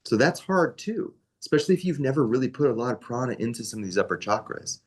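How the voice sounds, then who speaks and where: A man's voice: mid-range voice, animated, quick pace, husky. A young man teaching a yoga training class in a casual, conversational way, full of asides and checks with his listeners.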